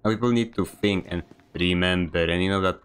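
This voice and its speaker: A man's voice: sits low, brisk, smooth. A man streaming a video game, giving a sarcastic, grumbling running commentary. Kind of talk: live gameplay commentary.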